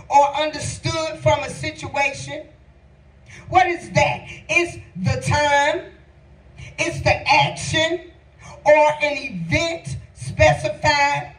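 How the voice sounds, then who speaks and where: High-voiced woman preaching in an echoey room. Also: far from the mic. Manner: emphatic call-and-response preaching, rising into half-sung shouts. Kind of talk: sermon.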